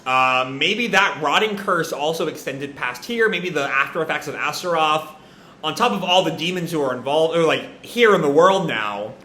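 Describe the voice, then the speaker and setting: Animated man rambling through a reaction. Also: on the high side, moderate pace. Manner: rambling, hedging, self-correcting. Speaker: manga reaction host. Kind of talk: live reading reaction. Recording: echoey room.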